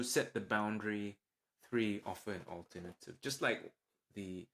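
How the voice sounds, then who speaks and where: Calm low-voiced man explaining parenting. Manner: calm, explanatory, acts out parent lines with a livelier voice. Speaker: podcast host, parenting doctor. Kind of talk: solo podcast explainer.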